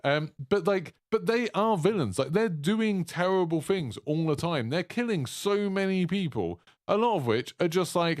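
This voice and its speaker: A young man hosting a solo gaming podcast, talking in animated, opinionated rambles full of "like" and restarts. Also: mid-range voice, no echo, studio quality. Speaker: podcast host.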